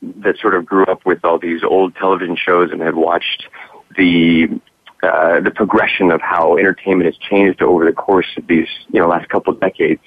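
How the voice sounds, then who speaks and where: A man's voice: low voice, little pitch movement, normal speed, breathy edge, no echo. Earnest man on a tinny phone line. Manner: earnest, rambling with fillers and restarts. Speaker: guest actor. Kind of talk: interview.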